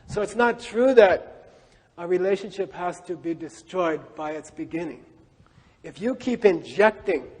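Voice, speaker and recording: A man giving a Buddhist teaching, animated, with rhetorical questions and repeated phrases. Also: high voice, husky. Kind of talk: lecture on scripture. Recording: long hall reverb.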